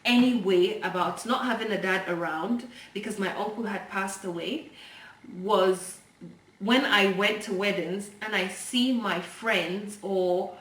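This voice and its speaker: A young woman tells a personal story to the camera in a loose, rambling way, full of fillers and restarts. Her voice sits at an ordinary middle pitch. It sounds roomy and a little distant from the mic, with faint noise behind her. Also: unhurried, fairly bright tone. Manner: chatty, digressive, many fillers and restarts. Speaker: vlogger. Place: indoor room, filmed by a helper.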